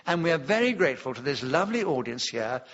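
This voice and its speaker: A man's voice: a little high, very animated, fast, fairly bright tone, slightly rough. Formal older man hosting a radio panel game. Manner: courteous, formal announcing. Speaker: panel show host. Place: studio theatre before a live audience. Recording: lo-fi radio recording with audience.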